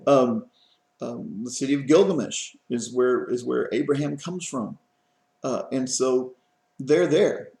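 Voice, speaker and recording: A man's voice: medium pitch, a little slow, gravelly, mellow, echoey room. A man giving a college lecture in a conversational way, full of fillers and restarts. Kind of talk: classroom lecture. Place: lecture room.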